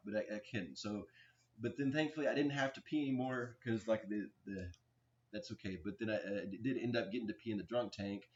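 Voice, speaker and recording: Halting, agitated man, lo-fi recording. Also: medium pitch. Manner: halting, with frequent restarts and fillers. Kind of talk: rambling personal account to camera. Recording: dull lo-fi recording.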